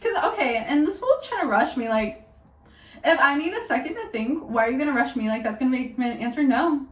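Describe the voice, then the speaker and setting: A woman's voice: high voice, lively intonation, a little fast. A young woman vlogger in casual storytime chat, gossipy and full of "like", laughing as she goes. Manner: gossipy, peppered with "like", laughing often. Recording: roomy sound from a distance off the mic.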